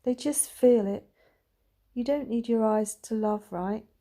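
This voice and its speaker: Woman reading a mellow, tired storybook mum, soft and hushed, soothing. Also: fairly high pitch, unhurried. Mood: hushed tender. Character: tender, tired mother soothing her son at night.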